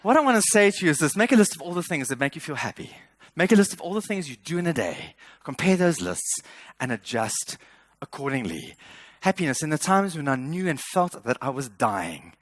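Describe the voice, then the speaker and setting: A man's voice: fairly high pitch, very animated, a little fast, no echo. Earnest man speaking on stage. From South Africa. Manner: earnest, emphatic, repeats words when building a point. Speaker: motivational speaker. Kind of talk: keynote speech.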